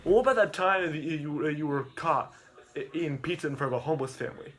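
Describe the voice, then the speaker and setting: A man voicing a stiff adult male TV news reporter in a halting newsreader way. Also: on the high side, a bit bright, natural voice. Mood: questioning.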